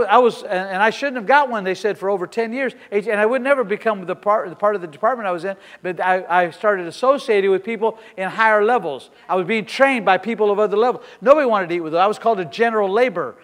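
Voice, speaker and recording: A middle-aged man pastor preaching a sermon with personal stories, swinging between soft asides and loud emphatic declarations. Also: high voice, big-room sound.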